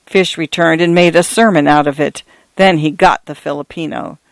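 A man's voice: fairly high pitch, steady tone, moderate pace, vocal fry, no echo. A man voicing a genial, gossipy male priest in his fifties, telling stories in an easygoing way. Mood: chatty. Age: 50s. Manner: easygoing, anecdotal.

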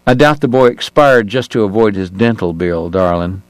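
A man voicing an exhausted, courtly Southern gentleman dentist, wheezy and formal with dry irony. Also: lowish voice, lively intonation, moderate pace, no echo, close to an everyday voice. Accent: American Southern. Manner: formal, elaborate, softly ironic.

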